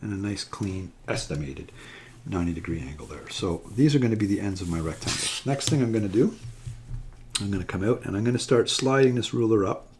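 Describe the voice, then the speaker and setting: Low gravelly man teaching step by step. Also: brisk, slight background noise. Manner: relaxed, talks step by step while drawing. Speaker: math teacher. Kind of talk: classroom demonstration lesson.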